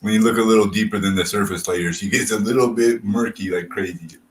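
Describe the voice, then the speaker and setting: Low-voiced teasing male livestream host. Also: quick pace, rough recording. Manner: teasing, prodding questions. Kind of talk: casual livestream interview.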